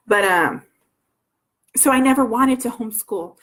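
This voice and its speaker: A woman's voice: mid-range voice, measured pace, fairly bright tone. A woman in her thirties, a homeschooling mother telling her story in a rambling way, full of restarts and asides. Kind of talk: personal storytelling.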